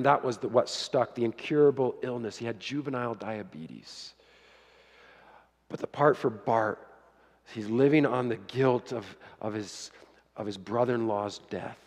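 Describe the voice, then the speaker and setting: A man retelling a life story from a book in a casual, earnest way, with halting restarts. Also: on the low side, in a large hall. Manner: earnest, halting with restarts, quieter at grave moments. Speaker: speaker sharing a book story.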